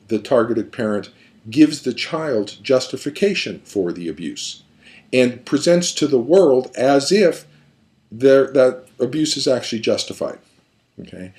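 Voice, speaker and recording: A therapist lectures emphatically in a mid-range, darkish voice, explaining a pattern step by step. He speaks unhurriedly and expressively, repeating phrases as he builds each point.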